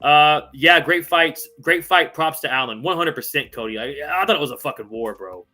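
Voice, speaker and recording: A man's voice: a little high, animated, moderate pace, bright, forceful tone. A young man hosting a live fight recap stream, ranting with heavy profanity, then apologizing and calling viewers bro and homie. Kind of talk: live stream chat reading viewer comments.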